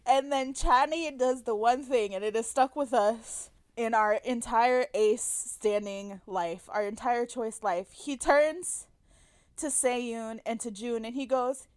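A young woman co-hosting a podcast, telling a concert story in casual chat, excitable and swearing, shrieking when she quotes. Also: on the high side, slow, smooth, dry recording. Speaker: podcast co-host.

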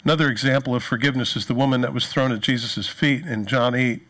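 During his sermon, a male pastor tells stories with energy, playing out each quoted character himself. He talks fast at a medium pitch.

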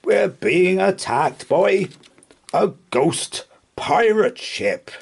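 A man's voice: on the high side, huge pitch swings, slow pace, a little mellow, husky, voice pushed up, heavily acted. A man voicing a boastful male trawler skipper who turns frightened, in a raised, strained voice for a read-aloud storybook. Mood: panicked.

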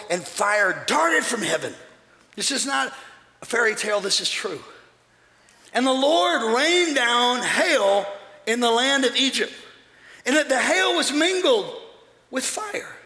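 A man preaching a sermon as pastor, shouting fiery lines and chanting repeated phrases to a congregation. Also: high-pitched. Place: large church hall with congregation. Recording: echoey church hall with crowd noise.

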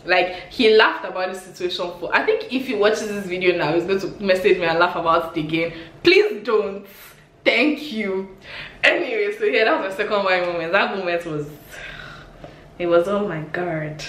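A woman in her twenties with a Nigerian accent, telling embarrassing stories on her vlog in an animated, exclamatory way, laughing often. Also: lowish voice, normal speed. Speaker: vlogger. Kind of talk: storytime vlog. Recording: echoey room with faint hiss.

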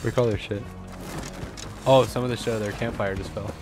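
A man with a fairly low voice chatting through a co-op game session. He delivers crude trash talk in a dry, deadpan manner. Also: fairly quick, music in the background. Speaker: co-op gaming partner. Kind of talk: casual co-op gaming commentary.

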